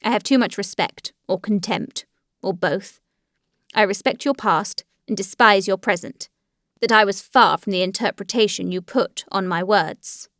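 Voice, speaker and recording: A woman voicing a cold, sarcastic middle-aged husband with a thin, shrill voice and a stiff, contemptuous manner, in a dry, close recording. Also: unhurried, a bit bright, dry recording.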